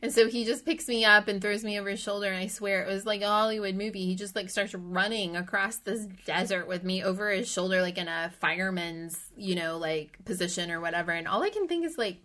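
A middle-aged Midwestern woman appears as a podcast guest, recounting a personal story with vivid animation and occasionally sinking into a hushed whisper. Her mid-range voice moves briskly, with hardly any pauses.

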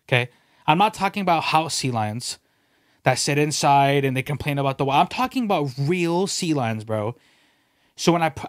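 A fairly high-voiced man hosting a podcast who tells rambling, animated stories and swears freely. He calls everyone bro and dude and slips into quoted voices as he talks. The sound is dry and close, with no room echo. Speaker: podcast host. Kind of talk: casual storytelling chat.

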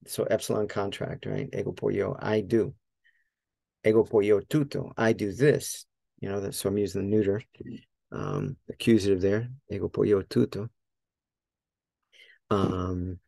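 A man giving a casual spoken Greek lesson, thinking aloud with many fillers and repeating Greek words slowly as he models them. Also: lowish voice, vocal fry, a little mellow, dry recording. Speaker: Greek teacher.

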